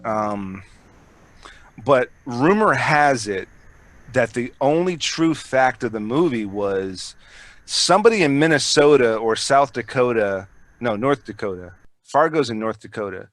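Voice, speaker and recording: A man's voice: medium pitch, animated, a little slow, dry recording. A man co-hosting a podcast, rambling in casual chat, swearing a lot and restarting his sentences. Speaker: podcast co-host.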